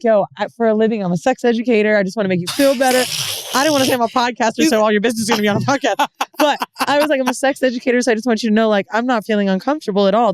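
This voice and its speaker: A woman's voice: mid-range voice, darkish tone, no echo. A woman in her thirties co-hosting a podcast, telling a story in casual chat, acting out the quotes and swearing freely. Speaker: podcast co-host.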